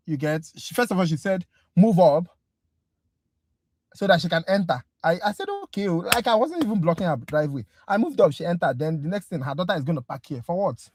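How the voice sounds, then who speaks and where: Talking fast with few pauses, a tutor with an animated mid-range voice and a breathy edge addresses livestream viewers as "guys" in a casual review class. The session opens with an exasperated, chatty rant before the lesson begins.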